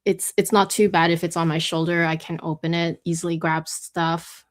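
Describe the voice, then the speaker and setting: A woman hosting a live talk show, talking with a slightly low pitch. She rambles in a chatty way, full of fillers and restarts. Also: level tone, normal speed. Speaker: host.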